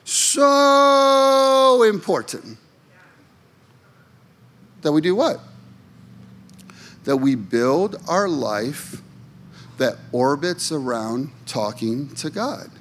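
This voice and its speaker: A man's voice: medium pitch, expressive, takes it slowly, long pauses, husky. A male pastor preaching a sermon with emphatic rhetorical questions and joking asides to the congregation.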